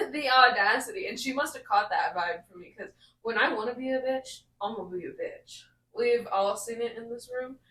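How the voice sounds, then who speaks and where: A woman's voice: on the high side, moderate pace, hardly any pauses. A young woman, a podcast host, telling stories in casual chat and laughing often. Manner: laughing, animated storytelling. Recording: echoey room, mic far off.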